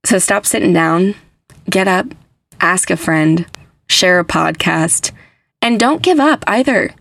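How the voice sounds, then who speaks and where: A young adult woman hosts a casual podcast, talking with emphatic energy and plenty of filler words. Her voice sits a little low and has a gravelly fry to it. The recording is dry and close. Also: slow pace, no echo. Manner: animated, emphatic, lots of "like" fillers. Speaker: podcast host. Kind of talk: casual faith podcast chat.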